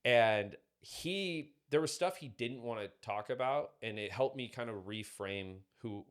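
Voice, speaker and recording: A man's voice: mid-range voice, a little slow, clean tone. A man talking casually on a podcast, rambling through stories with lots of fillers. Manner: rambling, filler-heavy storytelling. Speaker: podcast guest.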